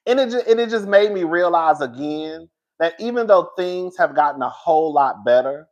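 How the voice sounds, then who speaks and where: On a muffled recording, a man with a fairly high voice delivers casual, dramatic commentary on a reality show, speaking directly to his viewers. He tells it with animated flair and emphatic repetition, swears freely, and calls his listeners "girl."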